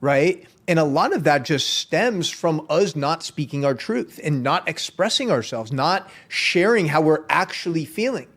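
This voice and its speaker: A man hosting a podcast, speaking in an earnest, steady way about inner growth. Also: fairly high pitch, a little slow, hardly any pauses. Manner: earnest, steady, spiritual vocabulary. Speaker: podcast host. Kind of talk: reflective podcast conversation.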